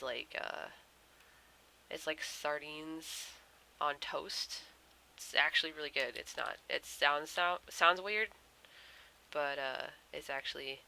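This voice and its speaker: A young woman telling a rambling anecdote while she draws, full of fillers and deadpan punchlines. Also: low-pitched, gravelly, low-quality recording. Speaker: artist vlogger. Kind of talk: casual storytelling while drawing.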